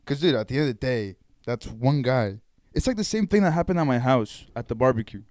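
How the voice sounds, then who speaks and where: A man's voice: medium pitch, lively intonation, brisk, a little mellow, no room sound. A young man co-hosting a podcast, telling stories in casual, swear-filled bro talk. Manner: swearing, storytelling, laid-back bro talk. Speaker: podcast co-host. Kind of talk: casual chat.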